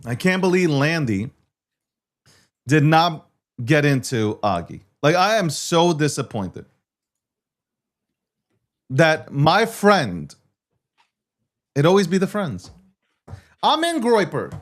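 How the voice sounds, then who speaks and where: Brash, animated man streaming live. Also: on the high side, slow pace, long pauses. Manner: brash, profane, boastful. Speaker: show host. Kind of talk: live-stream crypto chat.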